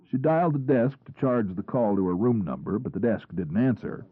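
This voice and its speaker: A man reading a crime audiobook in the first person, in a measured storytelling delivery. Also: medium pitch, expressive, no echo. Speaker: audiobook narrator. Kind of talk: first-person scripted narration. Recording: tinny phone-like, husky, dry.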